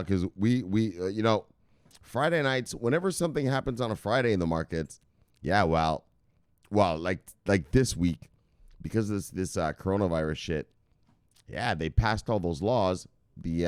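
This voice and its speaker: A man's voice: low voice, smooth, no echo, clean studio sound. Rambling, profane man talking trading. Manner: rambling, profane, full of fillers. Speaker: crypto news vlogger. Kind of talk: casual chat.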